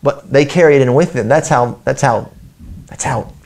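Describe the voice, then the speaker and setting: A man's voice: mid-range voice, normal speed, darkish tone. A man, an Islamic teacher, telling stories in conversation, often restarting his sentences and acting out dialogue. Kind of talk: conversational storytelling.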